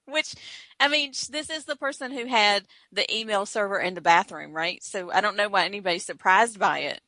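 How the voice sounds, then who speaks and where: A woman's voice: medium pitch, normal speed, sharp tone, dry recording. A Southern woman co-hosting a podcast, chatty and opinionated, often laughing. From American South. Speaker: podcast co-host. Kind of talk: casual chat.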